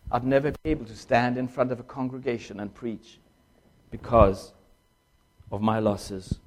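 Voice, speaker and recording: An older man, a former pastor and missionary, giving a personal testimony in an emotional, halting way, in short phrases. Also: mid-range voice, steady tone, a little hiss or hum.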